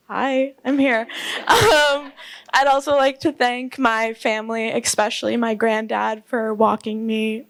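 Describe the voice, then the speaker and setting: A woman's voice: on the high side, no room sound. A young woman giving a sentimental, giggly thank-you speech at a ball. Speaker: pageant title holder giving an acceptance speech. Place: ballroom event.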